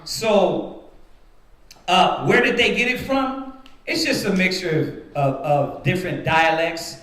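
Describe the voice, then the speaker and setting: A man's voice: high voice, takes it slowly, fairly bright tone. A man leading a Bible study for a congregation, teaching point by point and often checking in with his listeners by asking "right?". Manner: rhetorical, repeatedly checks with "right?". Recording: roomy echoing room.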